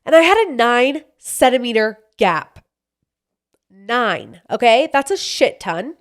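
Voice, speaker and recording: A young woman hosting a podcast tells a personal story casually and animatedly, acting out dialogue and swearing freely. Her voice is on the high side and she speaks at a slow pace.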